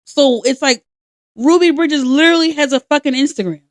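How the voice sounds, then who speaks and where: A young adult woman co-hosting a podcast, telling stories in casual chat with a lively, profane delivery. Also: high voice, brisk, dry recording, clean studio sound. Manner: animated, profane storytelling. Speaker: podcast co-host.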